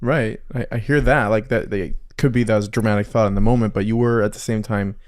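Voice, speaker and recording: A man's voice: lowish voice, steady tone, fast, no echo, clean studio sound. A man co-hosting an interview, asking questions with frequent restarts and a joking touch. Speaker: podcast co-host.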